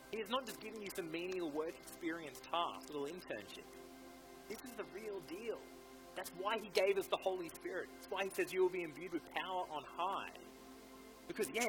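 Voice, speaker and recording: A man's voice: sits high, poor audio. A male pastor preaching a sermon in a church, fervent and exhorting, urging his listeners on again and again. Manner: fervent, exhorting, repeats "come on".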